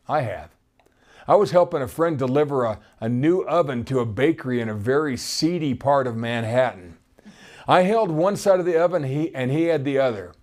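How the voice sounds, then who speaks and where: A man's voice: on the high side, a little mellow. A man giving conversational, storytelling Bible teaching and reading scripture aloud.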